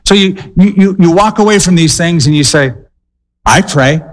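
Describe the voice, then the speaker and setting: Male pastor, sermon delivery, slightly high voice, dramatic storyteller pacing. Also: moderate pace, long reverb tail, low-quality recording.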